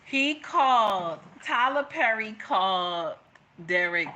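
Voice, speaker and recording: A woman with a bright, forceful voice reacts to a video in casual commentary. She is animated, repeats her points, and talks directly to her viewers. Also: medium pitch, a little slow.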